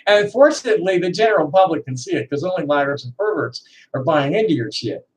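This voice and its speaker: A trans woman in her sixties ranting to camera in a profane, defiant, bitter way, halting and repeating words with laughing asides. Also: sits low, lively intonation, a little mellow, rough recording. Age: 60s. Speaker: vlogger. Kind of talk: unscripted rant to camera.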